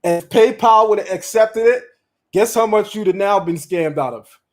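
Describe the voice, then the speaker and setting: High-voiced man hosting a casual livestream. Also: normal speed. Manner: animated, talks straight to chat and viewers, repeats lines for emphasis. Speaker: livestream host.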